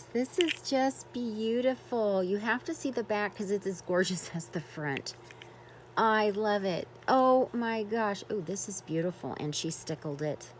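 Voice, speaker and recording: Gushing woman with a lively, slow voice. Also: medium pitch, slight background noise. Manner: gushing, effusive exclamations. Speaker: craft vlogger. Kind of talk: casual unboxing chat.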